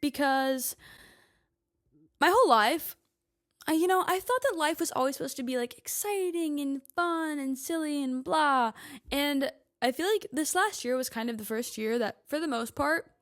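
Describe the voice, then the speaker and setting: A woman's voice: high voice, lively intonation, moderate pace, a bit bright. A woman in her twenties talking casually to her audience as a podcast host, chatty and emphatic, with lots of "like" fillers. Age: 20s. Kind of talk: casual monologue.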